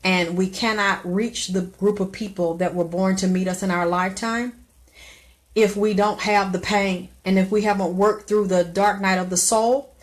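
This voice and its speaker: A middle-aged woman talking straight to her live viewers, blunt and profane. She preaches her points in a voice of middling pitch and swings now and then into loud, emphatic outbursts. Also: steady tone, moderate pace. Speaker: live stream host. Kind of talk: live stream advice talk.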